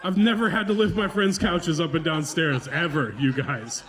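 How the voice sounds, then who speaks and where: A man's voice: a little high, fairly even intonation, moderate pace, fairly bright tone. A man doing a loose, profane stand-up set as the headliner, joking about himself in a chatty way. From Pacific Northwest, US. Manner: loose, profane, conversational, self-deprecating. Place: comedy club stage.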